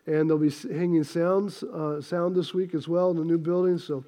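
Pastor, high, bright voice, jokey storyteller, preaching in a church. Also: male voice, moderate pace. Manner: storytelling, lively and joking, asks the congregation to respond. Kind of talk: sermon. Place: church sanctuary.

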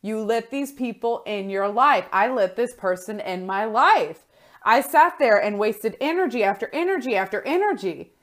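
A woman's voice: a little high, expressive, normal speed. A woman in her thirties, a life coach, talking casually in a blunt, frank way and swearing freely. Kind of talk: casual solo talk.

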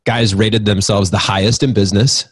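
A man guesting on a podcast, talking about fatherhood in a reflective, meandering way. His voice is on the low side. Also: level tone, moderate pace, husky. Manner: reflective, rambling, lots of fillers. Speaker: podcast guest, men's community leader. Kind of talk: casual conversation.

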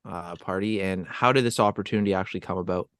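A man's voice: low voice, quick pace, fairly bright tone, clear, resonant tone, no echo, studio quality. A man from Canada co-hosting a casual podcast, asking the guest questions and chiming in with short agreement. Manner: brief affirmations, eager listener. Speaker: podcast co-host, interviewer.

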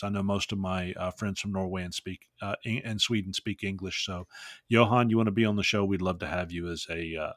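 Man, podcast host, low voice, dry close sound, jokey, rambling. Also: no echo. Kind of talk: casual chat.

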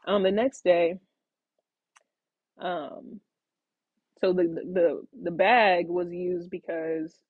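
A woman's voice: fairly low pitch, husky, no room sound, highs cut off. A woman hosting her own podcast, telling a personal story in a rambling, casual way with lots of fillers, restarts and acted-out quotes. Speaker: podcast host.

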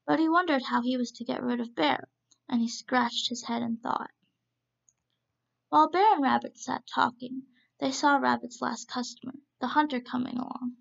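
A woman reading a children's story aloud in steady, measured narration, in a dull, lo-fi recording. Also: high voice, vocal fry.

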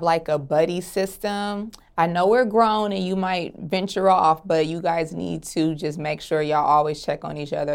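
A young woman from Atlanta talks through interview questions in a loose, easygoing way, chuckling between answers. Her voice sits on the low side, with a smooth tone and a gravelly fry underneath. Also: darkish tone. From Atlanta, Georgia. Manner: easygoing, laughs often, drawls "honey". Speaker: interview guest. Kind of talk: relaxed sit-down interview answers.

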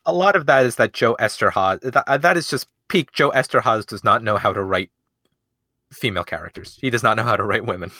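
A man with a fairly low voice talks through a film's themes in casual chat. He rambles analytically and fills gaps with "uh" and "like". The sound is dry and close. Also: brisk, sharp tone, no room sound. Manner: rambling, analytical, many fillers. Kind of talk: casual film review chat.

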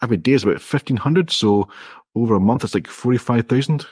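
Husky-voiced man explaining his method. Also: medium pitch, fast talker, darkish tone, no room sound, studio quality. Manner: explains step by step, friendly and modest. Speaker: guest, indie app developer. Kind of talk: casual interview chat.

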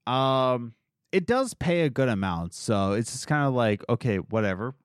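A young man talking casually on a podcast, his pitch swinging up and down as he retells conversations in mimicking voices. The sound is close and dry, with no room around it. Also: normal speed, smooth, no room sound. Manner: animated storytelling, mimics others in quotes. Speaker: podcast co-host. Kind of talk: casual chat.

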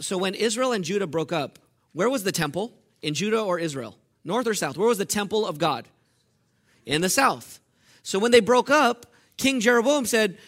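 Bright, high-voiced animated preacher. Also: male voice. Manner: animated, conversational, asks the congregation questions. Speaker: pastor. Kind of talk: sermon. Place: church.

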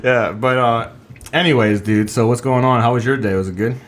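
A man co-hosting a casual podcast, telling stories in an animated, profane way. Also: medium pitch, fairly quick. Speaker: podcast co-host. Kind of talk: casual chat.

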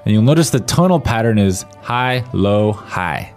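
Lively explaining podcast host man. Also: lowish voice, moderate pace, faint music behind. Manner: friendly, explanatory. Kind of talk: language lesson podcast.

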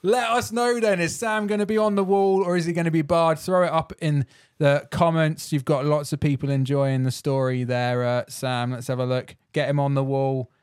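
A man's voice: a little high, steady tone, moderate pace, few pauses, a little mellow, clear, resonant tone, dry recording, clean studio sound. A man hosting a podcast, upbeat and jokey, laughing often. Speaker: podcast host. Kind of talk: casual chat.

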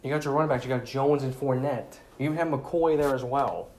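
A man's voice: medium pitch, a little fast, a little mellow. A man casually giving football predictions in a conversational way, often repeating his points and saying "you know.". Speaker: sports commentator.

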